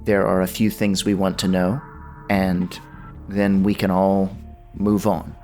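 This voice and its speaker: A composed, businesslike female federal agent, as a game master puts her on in a tabletop game. She speaks matter-of-factly in a fairly low voice, with faint music in the background. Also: flat delivery, a little slow, darkish tone.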